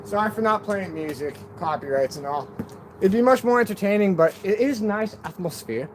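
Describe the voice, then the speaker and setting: A man's voice: high voice, expressive, normal speed. A man chatting casually and joking on a live stream from an outdoor deck, sometimes a little out of breath. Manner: chatty, joking, self-deprecating. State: out of breath at times. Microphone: camera on a stand. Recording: outdoor noise behind the voice. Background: birds and wind.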